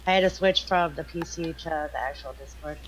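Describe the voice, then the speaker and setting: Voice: mid-range voice, a little fast, slight background noise, rough recording. A gaming friend on voice chat, blunt and argumentative, swearing as they make their case.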